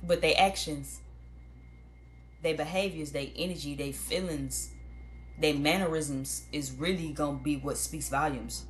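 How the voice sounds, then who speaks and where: Low-voiced blunt woman tarot reader. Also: fairly even intonation, measured pace, a little hiss or hum. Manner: blunt, profane, conversational. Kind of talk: casual tarot reading to viewers.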